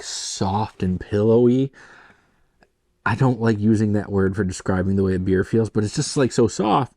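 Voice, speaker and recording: A man with a low, mellow voice hosts his own beer review channel. He talks in a loose, chatty way and drifts into asides. The sound is close and dry. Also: no room sound. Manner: relaxed, chatty, rambling asides. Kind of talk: casual solo review.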